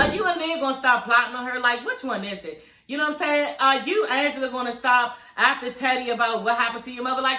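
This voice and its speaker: A woman's voice: fairly high pitch, noisy background. A young woman, casually recapping a TV episode and acting out the characters' lines as she goes. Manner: animated, acts out characters' lines while retelling. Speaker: TV episode reviewer. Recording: echoey room.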